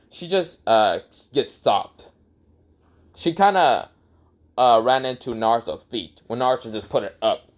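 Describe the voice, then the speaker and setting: A young man casually improvising a story, rambling and crude with lots of fillers and self-corrections. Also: mid-range voice.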